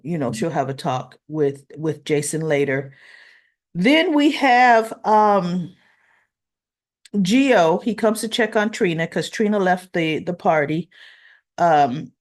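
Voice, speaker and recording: A woman's voice: medium pitch, a little slow, a little mellow. A woman hosting a soap opera recap, casually retelling scenes and quoting characters in her own voice. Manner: chatty, quotes characters in her own voice, laughs.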